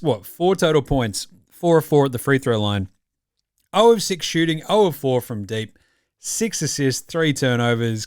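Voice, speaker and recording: A man's voice: mid-range voice, no room sound, clean studio sound. An Australian man hosting a casual sports reaction podcast, talking in a blunt, jokey, profane way. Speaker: podcast host.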